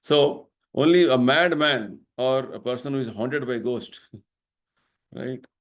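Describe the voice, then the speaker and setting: A man's voice: medium pitch, a little slow. A middle-aged man giving a devotional lecture at a temple, explaining his points earnestly and checking in with the listeners by asking "right?". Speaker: temple vice president giving a spiritual talk.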